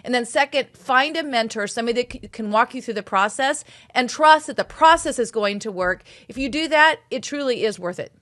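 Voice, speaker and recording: A woman with a high voice sums up points on a business podcast, calm and encouraging, close to the mic. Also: a little fast, few pauses. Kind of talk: reflective podcast talk.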